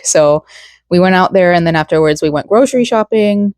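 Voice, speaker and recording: A woman's voice: on the low side, fast, darkish tone, no echo. A young woman from Florida chatting casually in a rambling, giggly way while she crochets, close to the mic. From Florida, USA. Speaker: vlogger.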